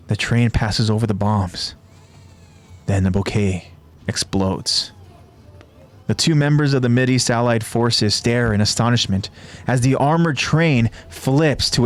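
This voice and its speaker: A man who hosts a podcast, retelling an anime episode scene by scene in a steady, descriptive way. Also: lowish voice. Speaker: podcast host.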